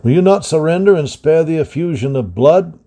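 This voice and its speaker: A man voicing a gruff, threatening Tory captain in a storybook reading, with a loud, demanding manner. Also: fairly high pitch, expressive, moderate pace, pitched above the performer's own voice.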